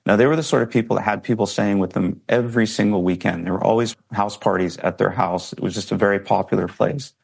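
A man with a fairly low, gravelly voice speaks as an interview guest. He recounts a personal story in an earnest, reflective way, with feeling coming through. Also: steady tone, fast, few pauses.

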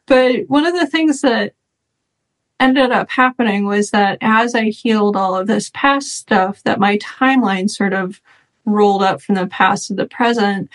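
A woman guest in an interview, speaking earnestly and reflectively, with lively bursts when she mimics others. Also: medium pitch, measured pace. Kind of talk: conversational interview.

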